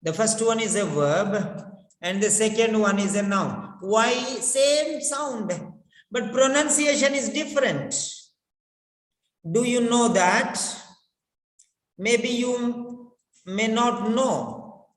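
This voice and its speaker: A man teaching pronunciation, repeating words and phrases slowly to drill them. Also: high-pitched. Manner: repetitive, drills words over and over. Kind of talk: slow instructional lesson. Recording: echoey room with long reverb.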